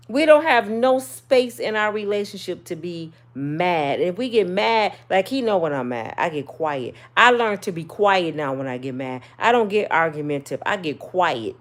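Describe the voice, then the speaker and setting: A middle-aged woman, telling viewers a personal story in a casual, sassy, animated way. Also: mid-range voice. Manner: animated, sassy, swings between loud and soft. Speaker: channel host.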